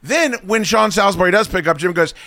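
A man's voice: sits high, brisk, pushed and bright, no echo. A male radio host telling a profane, exasperated story in the studio, acting out other people's lines. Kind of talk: casual comic talk radio rant.

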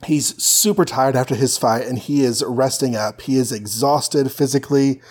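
A man's voice: mid-range voice, normal speed, darkish tone. A man co-hosting a podcast, chatting casually and summarizing an old comic, with lots of "like". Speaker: podcast co-host.

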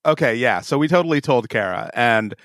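A man co-hosts a podcast in a laid-back casual chat, laughing often. His mid-range voice is fairly bright, with lively intonation and a slightly fast pace, captured in a dry, clean studio recording.

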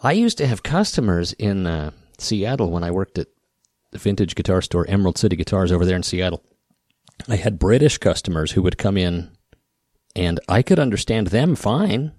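A man's voice: deep voice, sing-song, moderate pace, darkish tone, dry recording, clean studio sound. A man with a rural Western Midwest American accent hosting a podcast, rambling and wry, often breaking off and restarting. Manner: rambling, self-interrupting, wry. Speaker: podcast host. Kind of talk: casual podcast talk.

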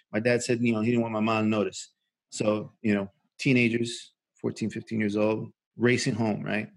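A man's voice: on the low side, flat delivery, a little fast. A man co-hosting a podcast, telling a rambling, profane story with lots of fillers and restarts. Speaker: podcast co-host. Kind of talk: casual storytelling.

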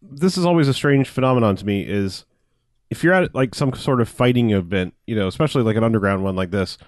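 A man's voice: lowish voice, expressive, fast, no room sound, clean studio sound. Laid-back man recapping a film. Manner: laid-back, rambling, laughs often. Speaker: podcast co-host. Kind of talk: casual movie recap chat.

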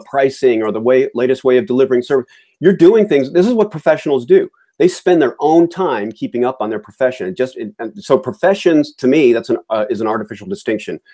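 Chatty opinionated man with mid-pitched voice. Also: darkish tone. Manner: chatty and opinionated, with frequent fillers and restarts. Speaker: podcast host. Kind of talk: casual opinionated chat.

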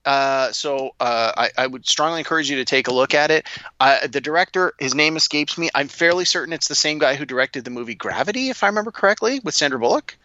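A man co-hosting a podcast, reviewing films in casual chat and speaking in a hesitant, halting way. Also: on the high side, lively intonation, pushed and bright, no room sound, muffled recording. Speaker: podcast co-host.

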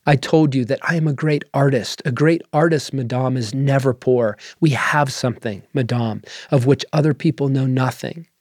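A man voicing a proud, weary French woman cook, speaking quietly and with dignity. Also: medium pitch, normal speed, hardly any pauses, dry recording, clean studio sound, close to an everyday voice. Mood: dignified.

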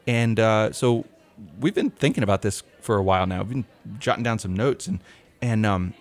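Laughing, storytelling man with a low voice. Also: moderate pace. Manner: animated storyteller, laughs often. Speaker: podcast co-host. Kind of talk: casual chat.

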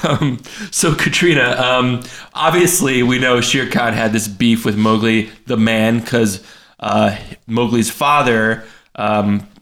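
Male host of an improv comedy podcast, giggly and halting, mid-range voice. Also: medium pitch, fairly even intonation, a bit bright. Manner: laughing, stammering interviewer.

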